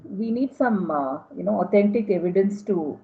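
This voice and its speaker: A woman's voice: medium pitch, expressive, moderate pace, gravelly. A woman with an Indian English accent, reasoning thoughtfully and a little hesitantly in a workshop discussion. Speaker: workshop participant. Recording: dull lo-fi call audio.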